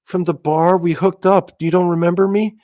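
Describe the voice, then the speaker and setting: A man voicing an eerie, pale, black-eyed woman from a nightmare, in a high, coaxing falsetto. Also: fairly even intonation, normal speed, a little mellow, natural voice. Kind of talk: storytelling.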